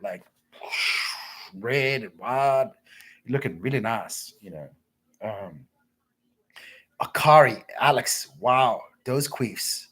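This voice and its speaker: Speaking slowly and pausing often, a man with a husky, breathy, somewhat bright voice animatedly rambles through crude, repetitive stories on a livestream. His pitch rises and falls widely, and he stops now and then to read out viewer comments.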